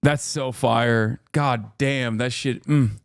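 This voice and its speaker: A man in his thirties streaming a reaction, talking casually and excitedly with laughs and quick bursts of exclamation. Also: medium pitch, smooth, dry recording, studio quality. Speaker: streamer reacting to a debate video.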